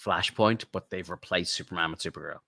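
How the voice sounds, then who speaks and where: A man co-hosting a podcast, chatting casually and excitedly, swearing and rambling like a fan. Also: low voice, a little fast, vocal fry, slightly rough, dry recording, clean studio sound. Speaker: podcast co-host. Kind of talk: casual chat.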